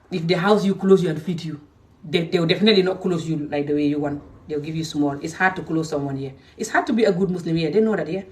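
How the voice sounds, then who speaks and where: A woman's voice: low-pitched, darkish tone, recorded from a distance. A woman from Gambia, talking straight to camera in a passionate, scolding rant. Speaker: vlogger.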